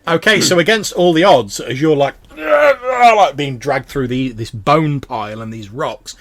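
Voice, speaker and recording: A man's voice: mid-range voice, moderate pace. A man narrating a tabletop game as game master, with a loose manner full of "like"s. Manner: loose, filler-heavy narration with many "like"s.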